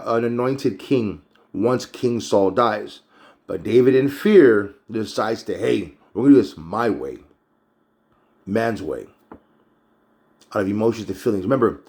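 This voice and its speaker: A man's voice: medium pitch, darkish tone. A man teaching a casual Bible chapter recap, conversational and a bit preachy.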